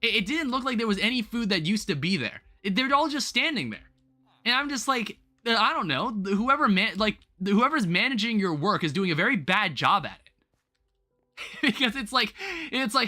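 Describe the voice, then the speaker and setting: A young man hosting a game livestream, chatting casually to his viewers in a rambling, animated way, full of restarts and quick laughs. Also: high voice. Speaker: livestream host.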